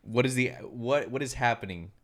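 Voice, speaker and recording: A man co-hosting a casual podcast, blunt and crude, with quick-tempered jokes. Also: medium pitch. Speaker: podcast co-host.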